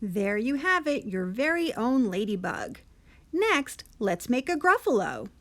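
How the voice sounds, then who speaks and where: A woman's voice: on the high side, big pitch swings, a little slow. A woman children's librarian reading a story and explaining a craft patiently to young kids.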